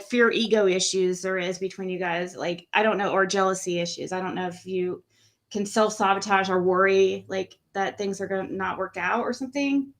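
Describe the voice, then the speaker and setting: A woman's voice: mid-range voice, a bit bright. Chatty woman hosting a card reading. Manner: chatty, rambling, with fillers like "like" and "um". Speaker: host reading cards. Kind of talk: casual late-night livestream chat.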